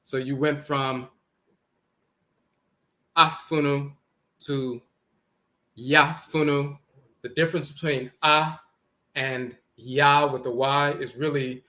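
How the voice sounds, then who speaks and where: A man lecturing on language origins, deliberately spelling out letters and repeating each word as he points to text on screen. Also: on the high side, bright, forceful tone.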